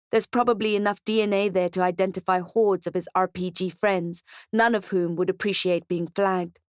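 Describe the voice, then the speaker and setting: A woman narrating a thriller audiobook in an even, measured storytelling manner. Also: mid-range voice, dry recording, studio quality.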